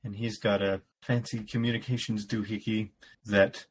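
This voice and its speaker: A man's voice: fairly low pitch, flat delivery, moderate pace, a little hiss or hum. A man co-hosting a podcast, recapping a story in casual chat with a dry, wry delivery. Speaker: podcast co-host.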